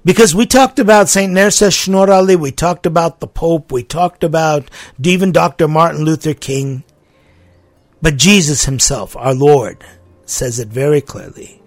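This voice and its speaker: A man preaching a sermon, emphatic and deliberate, repeating his key phrases for weight. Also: on the high side, no echo, faint music behind.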